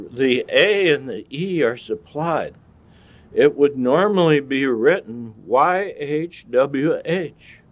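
A man teaching a Bible lesson like a sermon, deliberate and teacherly, putting questions to his class. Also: medium pitch. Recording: dull lo-fi church recording.

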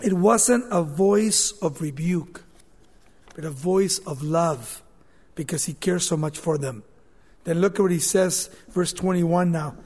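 Impassioned male preacher, high pitch, deliberate pace, long church reverb. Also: darkish tone, husky. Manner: impassioned, voicing scripture as direct speech. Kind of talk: sermon.

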